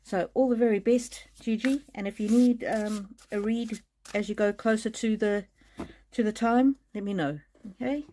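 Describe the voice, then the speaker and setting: Gentle woman giving a live card reading. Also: a little high, steady tone, moderate pace, slight background noise. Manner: gentle, reassuring, with frequent restarts. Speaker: oracle card reader. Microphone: streaming mic.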